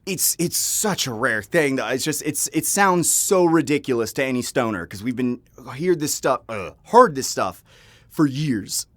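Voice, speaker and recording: A man sits at his home computer, telling a personal story in a loose, rambling monologue. He chuckles often and swears freely, in a voice of middling pitch. The sound is dry and close, with no room echo. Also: expressive, normal speed. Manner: rambling, chuckling, frank and profane. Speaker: vlogger.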